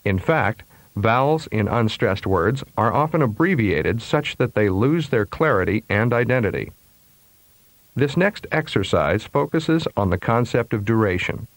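A man reading scripted pronunciation instructions in a measured, precise way, like a language course tape. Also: lowish voice, lively intonation, no echo. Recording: dry studio recording.

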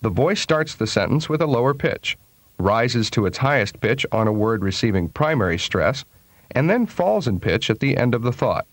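A man reading scripted pronunciation-lesson narration in a measured, clearly articulated way. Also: mid-range voice, very animated, no room sound. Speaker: pronunciation instructor. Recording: dry studio voice-over.

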